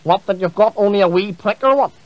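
A man with a Northern Irish accent hosting a comedy sketch in a brisk, mock-formal way. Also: high-pitched. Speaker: comedian host. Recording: muffled comedy CD.

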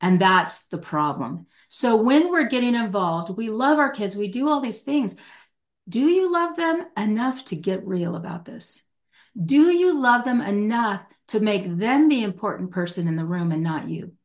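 Speaking at a normal speed in an animated, medium-pitched voice, this middle-aged woman is a hostage negotiator on a podcast. She answers forcefully and with passion, performing the lines she quotes.

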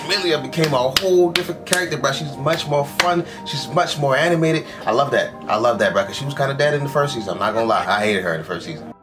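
A man's voice: mid-range voice, animated, fast talker, music in the background. A young man giving casual, slang-filled commentary while reacting to an anime episode, talking back at the screen. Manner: slangy, talks back to the screen, says "bro" constantly.

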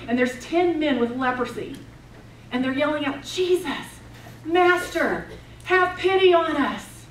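Lady preaching a sermon, fired up then real quiet, high-ish voice, mic kinda far off. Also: a little hiss or hum. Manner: impassioned storytelling, swings between loud and hushed. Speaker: women's retreat speaker. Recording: roomy, distant mic, faint ambience.

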